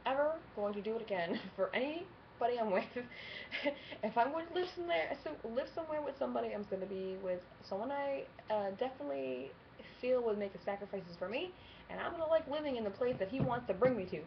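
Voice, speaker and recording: A woman in her twenties talking candidly to camera in a casual vlog, swearing freely and laughing often. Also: fairly high pitch. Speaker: vlogger. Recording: slightly dull lo-fi webcam sound with faint hiss.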